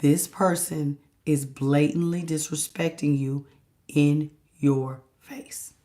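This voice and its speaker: A woman giving a tarot reading to her viewers, talking in an animated, emphatic and casual slangy way. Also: sits low, slow pace. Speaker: tarot reader. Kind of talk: direct-to-camera tarot reading.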